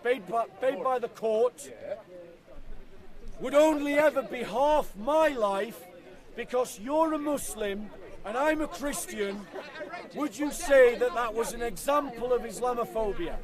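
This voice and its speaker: A man's voice: very high voice, measured pace. A man giving a street-corner debate speech outdoors, declaiming to a crowd and repeating himself over hecklers. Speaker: street preacher. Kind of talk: open-air debate speech. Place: outdoors in a city park, crowd around. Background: crowd chatter.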